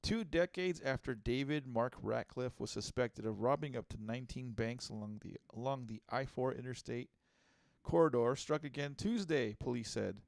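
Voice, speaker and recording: A man's voice: medium pitch, creaky, dry recording. A man co-hosting a podcast in casual comedic chat, bantering, swearing and reading news loosely. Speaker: podcast co-host.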